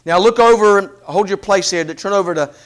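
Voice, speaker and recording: A man preaching a sermon, asking rhetorical questions in an animated delivery. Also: high voice, brisk.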